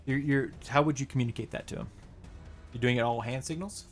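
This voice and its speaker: Male game master, mid pitch, lively narration, laughs a lot, faint music. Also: fairly quick. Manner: animated, laughing storyteller.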